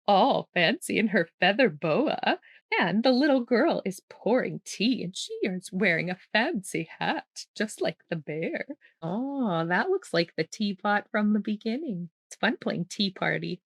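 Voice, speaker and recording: A woman's voice: medium pitch, creaky, no room sound. A woman who grew up speaking reads a children's picture book aloud, with playful asides and frequent laughter. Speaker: children's storytime host.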